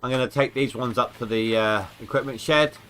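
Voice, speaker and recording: A man's voice: mid-range voice, fairly quick, fairly bright tone, a little hiss or hum. A man streaming a video game live, chatting casually and joking as he thinks aloud about his progress. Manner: rambling, jokey, thinking aloud. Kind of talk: casual gameplay commentary.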